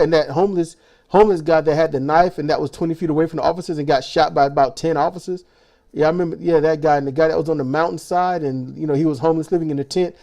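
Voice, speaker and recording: A man's voice: on the high side, darkish tone. A man hosting a reaction video, ranting with anger, sarcasm and swearing, often stumbling and restarting. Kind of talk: ranting commentary.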